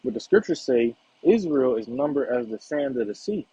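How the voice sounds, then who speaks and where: A man's voice: mid-range voice, lively intonation, moderate pace, mellow, slightly rough, no room sound. A man giving a casual Bible lesson in a conversational way, often checking in with "right?" and "all right". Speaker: Bible teacher. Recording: dull lo-fi recording.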